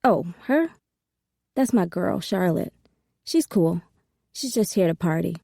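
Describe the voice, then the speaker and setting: A cocky, streetwise male hustler who talks with swagger in a gravelly, warm voice, as a woman narrator plays him. The sound is dry and close, with no room around it. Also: on the low side, lively intonation, slow pace, no room sound, full character voice. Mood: nervous.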